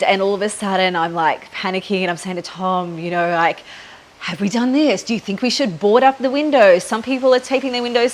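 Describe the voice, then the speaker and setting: A woman's voice: medium pitch, a bit bright. An Australian woman in her thirties, talking casually into a handheld camera outdoors by the water, rambling with many ums and likes. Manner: rambling, frequent ums and likes, laughs often. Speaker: podcast host. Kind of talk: casual spiritual chat to camera. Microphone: handheld phone camera.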